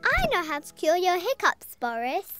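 A woman's voice: very high-pitched, big pitch swings, moderate pace, fairly bright tone, faint music behind, full character voice. Miffy, a sweet little bunny girl. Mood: helpful. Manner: sweet, eager, giggly. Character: cheerful little girl bunny, kind and helpful. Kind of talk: gentle animated children's series voice acting.

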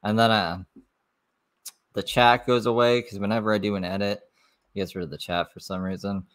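A man hosting a live stream, talking in a rambling, offhand, low-key way as he comments on clips. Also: level tone, a little fast, fairly bright tone. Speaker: livestream host.

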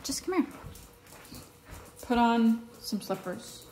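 A woman's voice: on the high side, animated, slow, warm tone, a little hiss or hum. A middle-aged woman vlogging casually outdoors in her backyard, chatting to viewers and calling to her cat. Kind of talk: casual vlog chat.

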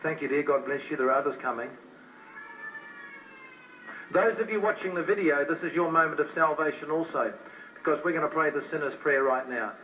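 A man preaching as an evangelist at a church service, urgently pleading with people to come forward, then slowly and carefully leading a prayer. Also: on the high side, sharp tone, slight background noise. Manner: pleading, urgent, repeats invitations; slow, measured phrasing when leading prayer. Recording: distant, dull live recording.

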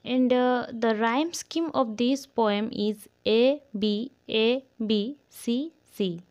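Casting: high-voiced woman, patient teacher explaining poetry with frequent fillers. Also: takes it slowly, a little mellow, rough recording. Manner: unscripted, many "uh" fillers, spells words out letter by letter. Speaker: literature teacher. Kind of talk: explanatory lesson narration.

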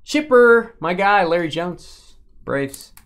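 A man in the middle of a live card break, chatting loosely with his co-host. He calls out each card as it comes, jumping up in pitch when something good lands. His voice swings around a lot. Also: fairly quick. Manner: bantering, calls out cards with bursts of excitement.

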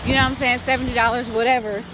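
A woman's voice: on the high side, level tone, very fast, background noise. A woman vlogging casually, chatting to her viewers and telling stories as she walks by a lake and then cooks at home. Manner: chatty, storytelling, addresses viewers as y'all. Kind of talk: casual vlog chat.

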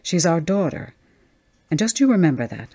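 A woman's voice: lowish voice, big pitch swings, normal speed, dark tone, husky. A woman playing a firm, matter-of-fact husband in an audiobook ghost story. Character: steady, brisk husband, protective and firm.

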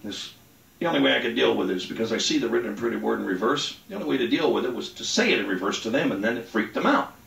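Gravelly comic in a roomy club. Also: male voice, mid-range voice, expressive, racing, fairly bright tone. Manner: rambling, crude, off-the-cuff. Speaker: stand-up comedian. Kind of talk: stand-up comedy set. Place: comedy club stage. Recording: roomy club sound, mic at a distance.

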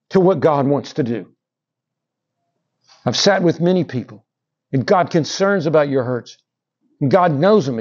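A middle-aged man preaching a sermon in a church, with animated rises and drops and calls to the congregation. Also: high voice. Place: church sanctuary. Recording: dull lo-fi sound.

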